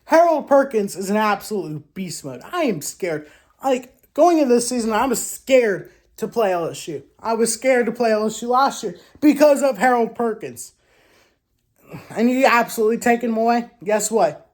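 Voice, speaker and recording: A woman hosting a casual sports commentary vlog. She trash-talks in an animated way, with loud exclamations, rhetorical questions and frequent restarts. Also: fairly high pitch, normal speed. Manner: frequent restarts and self-corrections. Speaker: sports show host.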